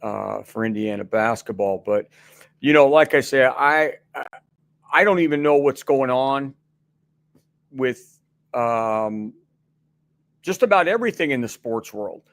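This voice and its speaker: A man's voice: medium pitch, a little slow, creaky, pauses often, dry recording. A middle-aged man as a guest on a sports radio show, chatting casually and rambling with many restarts and fillers.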